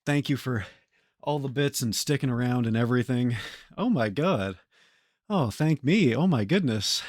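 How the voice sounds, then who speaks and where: Male live streamer, casual and excitable, quick to curse, medium pitch, dry close mic. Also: dry recording. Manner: excitable, swears a lot, thanks chat. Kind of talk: casual live-stream chat while playing.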